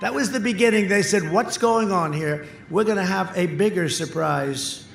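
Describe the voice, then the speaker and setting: A man giving a campaign rally speech in short, punchy, repeated phrases, sometimes breaking into shouts, recorded outdoors through an echoing PA. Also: high-pitched, moderate pace, gravelly, music in the background. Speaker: political speaker at a rally. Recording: echoey outdoor PA sound with crowd. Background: cheering crowd.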